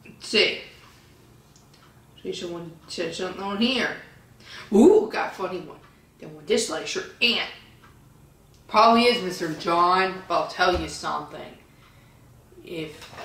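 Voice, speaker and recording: A woman vlogger reading viewer comments aloud and answering them with a profane, insulting rant, often yelling. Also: fairly low pitch, a little slow, long pauses. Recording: roomy echo, distant from the mic.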